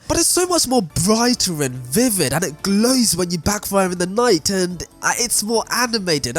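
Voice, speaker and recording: A man giving casual, animated gameplay commentary as a video creator, exclaiming and laughing at what he shows. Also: sits high.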